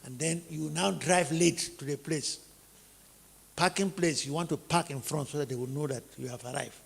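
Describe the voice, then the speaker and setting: Gravelly and husky, this fairly high male voice moves at normal speed with a large-room sound. The speaker, a Nigerian-accented teacher preaching about family life, presses his message through repetition and rhetorical questions.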